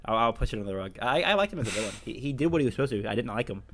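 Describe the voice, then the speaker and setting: Fast-talking young man, blunt. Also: mid-range voice, expressive, fairly bright tone, slight background noise. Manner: fast, blunt, rambling with restarts. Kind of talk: casual anime review chat.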